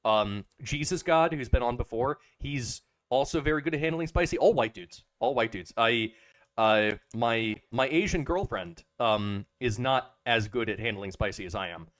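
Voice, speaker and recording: A man's voice: mid-range voice, normal speed, fairly bright tone, no room sound. A man co-hosting a casual podcast, rambling with lots of hesitations and restarts. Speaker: podcast co-host. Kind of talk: casual chat.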